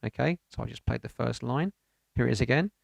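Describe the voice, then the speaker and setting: A man's voice: mid-range voice, fast, creaky. A man teaching an online piano lesson, encouraging and counting rhythms aloud. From United Kingdom.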